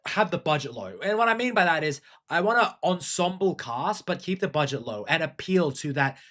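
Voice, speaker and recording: A man's voice: a little high, lively intonation, a little fast, a bit bright. Casual swearing livestream host, man. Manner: swearing, rambling, reads chat aloud.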